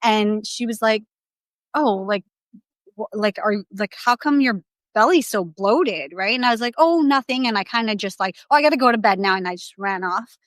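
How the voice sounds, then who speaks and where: A woman's voice: medium pitch, lively intonation, moderate pace, no echo. A young adult woman as a podcast guest, telling her story candidly in a rambling, casual way with many restarts.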